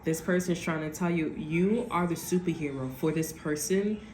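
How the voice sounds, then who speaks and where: A woman's voice: low-pitched, moderate pace, darkish tone. A woman giving a casual tarot reading, rambling and giggly, cursing freely and tagging lines with "okay?". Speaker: tarot reader. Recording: echoey room with faint ambient noise.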